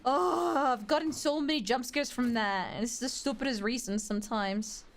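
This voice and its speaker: A woman's voice: on the high side, a little fast. A young adult woman streaming a game, chatting casually with her chat in a rambling, giggly way full of fillers.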